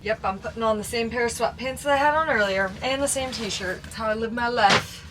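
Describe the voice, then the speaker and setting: A young woman vlogging casually to camera from inside her camper van, chatty and excitable, full of filler words. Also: on the high side, a little fast, background noise. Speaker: vanlife vlogger. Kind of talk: casual vlog talk to camera.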